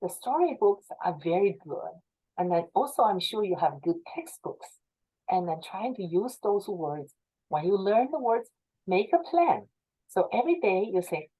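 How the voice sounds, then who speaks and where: A woman's voice: mid-range voice, expressive, normal speed, breathy edge. A woman professor giving patient, step-by-step study advice to students over a video call. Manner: patient, encouraging, explains step by step. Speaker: English professor. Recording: tinny call audio.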